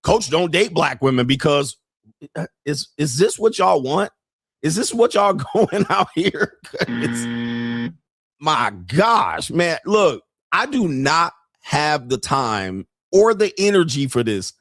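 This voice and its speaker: Man, middle-aged host, lively swinging pitch, dry close sound, blunt and crude, laughs often. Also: takes it slowly, no room sound. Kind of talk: commentary on viral clips.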